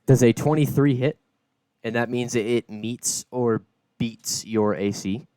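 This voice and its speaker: A man's voice: medium pitch, a little slow, mellow, clear, resonant tone, no room sound. A man narrating a tabletop game as game master, laid-back and descriptive, on a close podcast mic.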